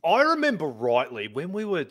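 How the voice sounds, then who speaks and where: A man's voice: on the high side, huge pitch swings, moderate pace, fairly bright tone, no echo, clean studio sound. A man co-hosting a sports podcast, talking in a laid-back, mumbly way and swearing casually. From Australia. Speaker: podcast co-host.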